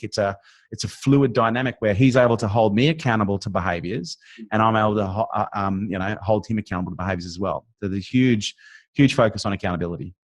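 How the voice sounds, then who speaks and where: Quick blunt aussie guy, lowish voice, dry close sound, swears a lot. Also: dry recording. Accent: Australian. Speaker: interview guest, business strategist. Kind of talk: casual interview chat.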